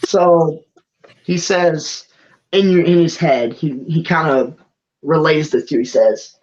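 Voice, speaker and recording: A game master narrates a tabletop game in a loose, rambling way, restarting sentences as the scene unfolds. The voice sits at a middle pitch, and the lo-fi recording sounds dull. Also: slow, a little mellow.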